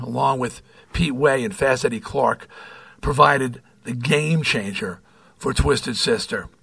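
In a dry recording, a gravelly, medium-pitched man with a breathy edge reads from his memoir on his podcast. A middle-aged New Yorker, he tells rock stories with animated flair and wry, profane asides off the page.

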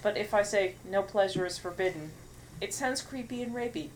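A woman's voice: medium pitch, moderate pace, a little hiss or hum, low-quality recording. A woman co-hosting a podcast in casual chat, blunt and sarcastic, swearing casually. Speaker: podcast co-host.

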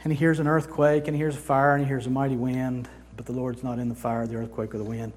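A man's voice: medium pitch, flat delivery, fast, few pauses, a little hiss or hum. A man preaching a sermon in a dramatic, conversational way, mixing humorous asides with vivid retellings of scripture. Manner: dramatic, acts out scripture scenes with big swings from loud to hushed. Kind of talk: sermon teaching.

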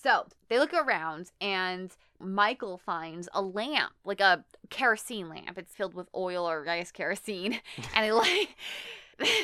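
A young adult woman in casual chat, recapping a plot with lively acted-out quotes and laughter. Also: mid-range voice, clean tone, dry recording, clean studio sound. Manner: animated storytelling with quick acted-out quotes and laughs. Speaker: podcast co-host recapping a film.

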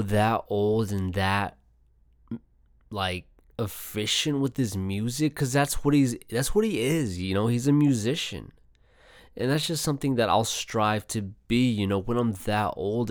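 A man's voice: medium pitch, dry recording, studio quality. A young man hosting his own podcast alone, talking casually in a loose, profane, rambling way. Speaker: podcast host. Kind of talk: casual solo podcast chat. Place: home setup, Arizona.

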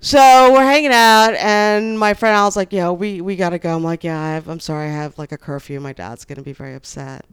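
A woman's voice: low-pitched, quick pace, hardly any pauses, clean tone. A woman guest on a podcast, telling a long personal story in casual chat and acting out the other people in it. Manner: animated, acts out the people in her story.

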